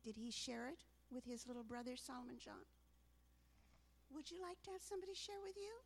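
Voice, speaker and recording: A woman reading a story to children in an animated way, stopping to ask them questions. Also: sits high, brisk, creaky, slight background noise.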